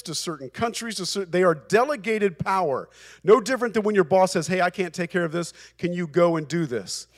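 A male pastor preaching a sermon, emphatic and repeating phrases for emphasis. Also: high voice.

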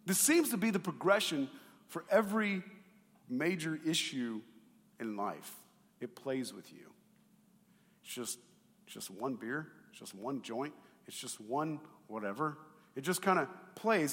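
A man preaching a sermon as pastor, animated and conversational, swinging between loud emphasis and quiet asides and asking the congregation questions. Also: mid-range voice, a little slow, long pauses. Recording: long hall reverb.

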